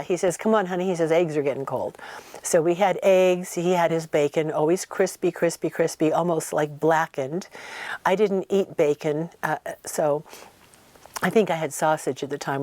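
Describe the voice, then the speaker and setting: A woman telling a personal story in a casual interview, animated and acting out the voices of people she quotes. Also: low voice, no echo. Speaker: guest recounting memories.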